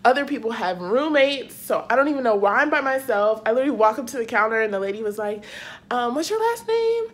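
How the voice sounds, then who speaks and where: A woman's voice: on the high side, fast. A young woman from Ohio vlogging from a hotel room, gushing and tearful as she talks straight to her viewers. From Akron, Ohio. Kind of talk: emotional vlog chat.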